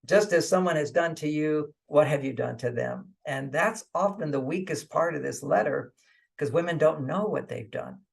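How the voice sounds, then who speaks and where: A man's voice: a little high, moderate pace, vocal fry. A man, a guest author on an interview show, giving relationship advice in a conversational way, chuckling often and repeating his points with "okay". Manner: acts out inner voices in quotes.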